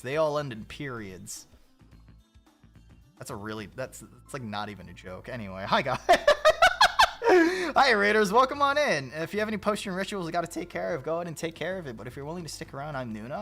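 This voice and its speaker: A man hosting a livestream in a casual, rambling chat, swearing freely and breaking into loud laughs. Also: mid-range voice. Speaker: livestream host.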